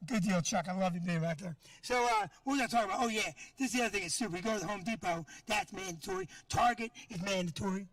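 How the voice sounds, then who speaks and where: A man's voice: high-pitched, big pitch swings, fast talker, few pauses, fairly bright tone, no echo, far from the mic. A middle-aged man doing a stand-up set, ranting in a brash, profane way at the crowd. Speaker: stand-up comedian.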